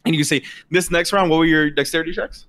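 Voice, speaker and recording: A man's voice: fairly high pitch, steady tone, quick pace, fairly bright tone. A man narrating as game master in a casual, filler-heavy way.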